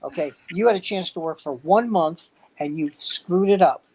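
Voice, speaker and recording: A man's voice: sits high, moderate pace, darkish tone. A man voicing an irate, coked-up male club owner who snaps insults down the phone. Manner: snapping, insulting.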